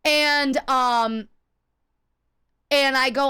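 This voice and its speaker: A woman streamer chatting casually while gaming, telling stories in a profane, animated way and acting out the people in them. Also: on the high side, moderate pace, smooth. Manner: acts out quoted people in her stories.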